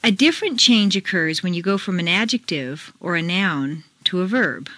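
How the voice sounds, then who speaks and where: A woman reading scripted pronunciation drills as a teacher, slow and deliberate, contrasting word stress. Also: lowish voice, lively intonation, pushed and bright, no room sound.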